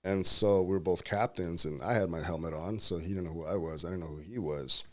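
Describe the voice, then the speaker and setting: Man, low-pitched, animated storyteller, laughs often, acts out quotes, casual interview guest. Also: a little fast. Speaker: guest, pro bodybuilder and entrepreneur.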